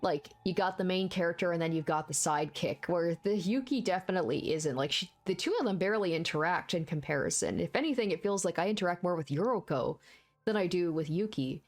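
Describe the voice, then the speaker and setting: A woman streamer giving excited, chatty commentary while playing a story game. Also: on the low side, fairly quick, soft background music. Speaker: let's-play streamer.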